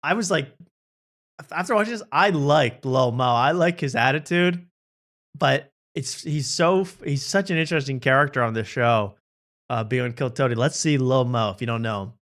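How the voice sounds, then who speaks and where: A man's voice: medium pitch, moderate pace, fairly bright tone. A man hosting a casual late-night show, laughing and joking about comedy clips. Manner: laughing, playful, putting on silly voices. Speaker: host.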